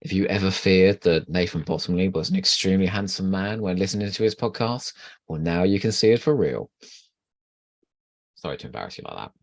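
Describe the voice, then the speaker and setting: Teasing man with a lively voice. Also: deep voice, fairly quick, gravelly, no room sound. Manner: teasing, flirty banter. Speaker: livestream host. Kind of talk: casual pre-show chat.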